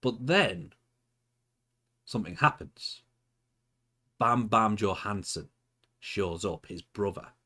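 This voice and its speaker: A man with a low voice talks through his wrestling management game. He is chatty and playful, pausing to think aloud about his choices and laughing at himself. The delivery is unscripted let's-play commentary. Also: bright, forceful tone. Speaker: gaming channel host.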